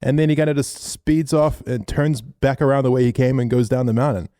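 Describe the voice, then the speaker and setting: Speaking a little fast in a mid-range voice, a young Australian man co-hosts a podcast, casually telling an animated story peppered with frequent swearing. The sound is clean and dry, like a studio.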